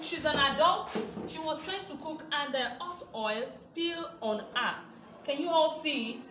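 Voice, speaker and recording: A woman teacher, giving an online safety lesson to young children, slow and emphatic, repeating her points. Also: high voice. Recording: very echoey room, faint noise.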